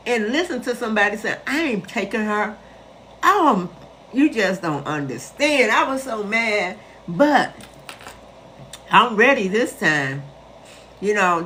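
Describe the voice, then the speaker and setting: A woman's voice: mid-range voice, sharp tone, slight background noise. A woman in her sixties from Chicago, telling a story to her live viewers in a chatty, emphatic way. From west side of Chicago. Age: 60s. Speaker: host addressing live viewers. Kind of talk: casual live-stream storytelling.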